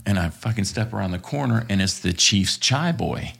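A man on a podcast tells a casual, profanity-laced story, laughing often as he goes. His voice sits low and carries a gravelly, rough edge. It also has a husky, breathy texture. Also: animated, moderate pace, a bit bright. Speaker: podcast guest, former contractor.

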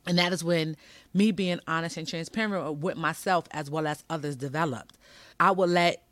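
A woman's voice: sits low, moderate pace, fairly bright tone, no room sound. Brief: woman from Brooklyn, podcast host, candid storyteller, dry close sound. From Brooklyn, New York. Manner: candid, emphatic, conversational. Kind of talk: personal storytelling monologue.

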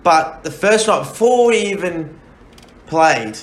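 A man's voice: fairly high pitch, expressive, slow. A young man co-hosting a podcast, chatting loosely and swearing between laughs. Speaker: podcast co-host. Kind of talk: casual banter. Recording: echoey room with faint noise.

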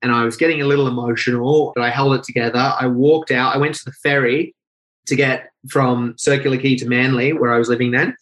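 A man tells a personal story as an interview guest. He talks in fast, lively bursts, often correcting himself mid-sentence. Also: medium pitch, rough recording. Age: 20s. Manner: animated, rapid storytelling with self-corrections.

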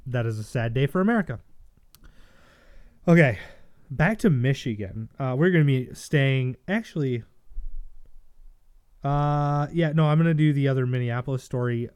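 A man's voice: mid-range voice, darkish tone, clear, resonant tone, dry recording, studio quality. A man hosting a solo livestream, reading news aloud and giving opinionated commentary with frequent restarts and self-corrections. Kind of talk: casual solo political commentary.

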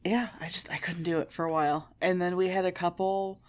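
A woman's voice: on the low side, fairly even intonation, a little fast. Swearing Midwestern woman, podcast co-host. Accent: Midwestern American. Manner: candid, profane, self-mocking, laughs often. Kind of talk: casual chat.

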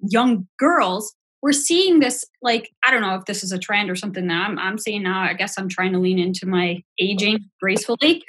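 A woman's voice: mid-range voice, fairly bright tone, slightly rough. A middle-aged woman co-hosting a podcast, talking in a reflective, casual way and asking rhetorical questions. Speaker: podcast co-host. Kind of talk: casual chat.

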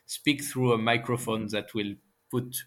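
A man's voice: mid-range voice, level tone, unhurried, fairly bright tone. A man from France with a French accent, a guest in an interview, explaining earnestly with many fillers. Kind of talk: conversational interview. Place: Paris, lives there.

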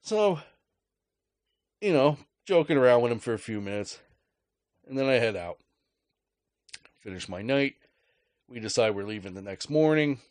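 A man's voice: mid-range voice, lively intonation, normal speed, long pauses, darkish tone, no echo. A man hosting a podcast, telling a story in a casual rant with a profane, sarcastic, joking manner. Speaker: podcast host.

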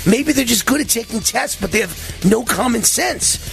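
A man hosting a talk show, giving excitable and passionate political commentary in a ranting manner. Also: very high-pitched, normal speed, vocal fry, soft background music.

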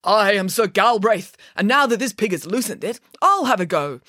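A woman's voice: medium pitch, lively intonation, normal speed, bright, forceful tone, no room sound. A big, boastful knight, read by a woman makes a bold claim in a storybook voice. The sound is dry and close.

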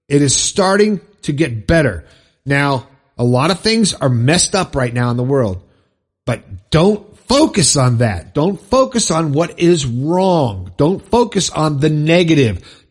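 A man hosting a podcast, fired up and preachy, repeating phrases for emphasis in a husky voice. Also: fairly high pitch. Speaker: podcast host. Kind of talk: impassioned motivational monologue.

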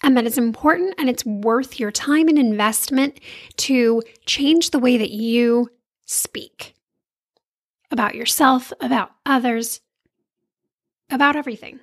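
A bubbly woman in her thirties hosts a casual motivational talk, bright and upbeat, sprinkling playful slang into her encouragement. Her voice sits a little high. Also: a little slow, pauses often. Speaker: podcast host and confidence coach.

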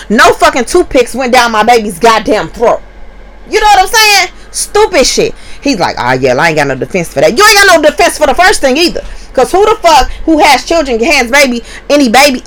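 Animated, profane young mother ranting. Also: sits high. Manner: animated, profane, emphatic storytelling to viewers. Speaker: mother telling a story. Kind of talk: casual storytime vlog.

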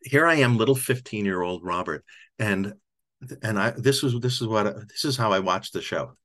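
A man's voice: fairly low pitch, normal speed, fairly bright tone. An older man, an author, telling a heartfelt story in an interview, repeating and restarting as he gets choked up. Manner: reflective, emotional storyteller with frequent restarts. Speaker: author and podcast guest.

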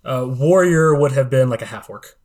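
A man's voice: mid-range voice, normal speed, a little mellow. Guy running a tabletop game, laid back, lots of likes and ums. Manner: casual, filler-heavy descriptions. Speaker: game master.

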